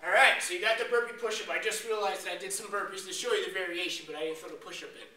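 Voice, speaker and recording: A man working as a fitness trainer, demonstrating a workout in an energetic coaching way with jokes. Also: high-pitched, rapid-fire. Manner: energetic, joking coach talk while exercising. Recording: echoey room, distant mic, faint noise.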